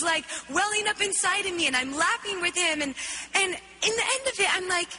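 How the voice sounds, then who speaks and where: A woman giving an animated spoken testimony, acting out her own reactions as she tells the story. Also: extremely high pitch, normal speed, in a large hall. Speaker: worship leader telling a testimony.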